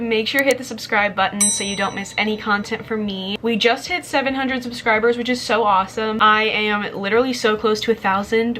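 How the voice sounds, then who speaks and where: A woman's voice: medium pitch, a bit bright, a little hiss or hum, poor audio. A young woman in her twenties chatting casually as a book vlogger, gushing and saying "literally" often. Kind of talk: casual vlog chat to camera. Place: home, partly on a balcony outdoors.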